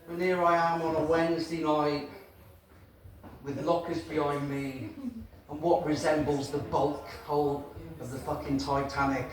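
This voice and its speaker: A man with a Gloucestershire accent doing a stand-up comedy set, crude and self-mocking, recorded from far off in an echoey small venue with the audience audible. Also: high-pitched. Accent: Gloucestershire English. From England.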